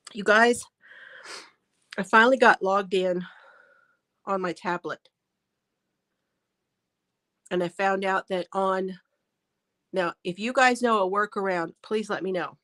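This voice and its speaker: A crochet livestream host drawls along at an easy, unhurried pace, chatting, laughing often, and greeting each viewer by name. Her mid-range, slightly bright voice comes through a phone mic.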